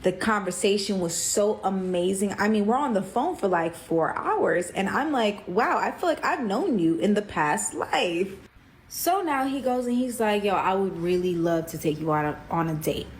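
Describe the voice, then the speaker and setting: A woman's voice: medium pitch, moderate pace, a little hiss or hum, low-quality recording. Chatty woman telling a dating story. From New York. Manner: chatty, animated, acts out quoted dialogue. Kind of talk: casual storytelling.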